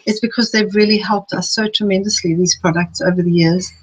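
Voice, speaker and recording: A middle-aged woman presenting live to a webinar audience. She talks in a chatty, personal way, and now and then reels off long quick lists. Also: medium pitch, steady tone, husky, poor audio. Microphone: streaming live.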